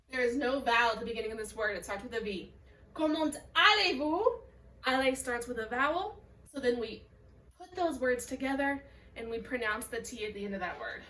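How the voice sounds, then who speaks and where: A woman's voice: fairly high pitch, fairly bright tone. A woman French teacher recording a video lesson, explaining step by step and modelling French words and phrases. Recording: echoey room, voice a bit far from the mic.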